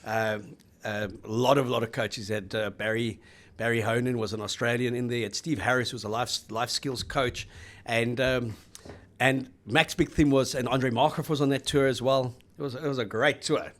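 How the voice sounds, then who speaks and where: A man's voice: mid-range voice, fairly even intonation, moderate pace, fairly bright tone. Brief: middle-aged man, chatty rugby host, rambling and anecdotal. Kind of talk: casual sports chat.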